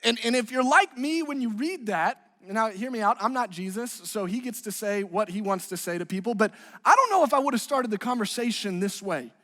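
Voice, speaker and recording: A man's voice: high-pitched, expressive, a little fast, hardly any pauses, a bit bright, in a large hall. A man preaching a sermon as a student ministry pastor, earnest, building intensity as he retells scripture. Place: church auditorium.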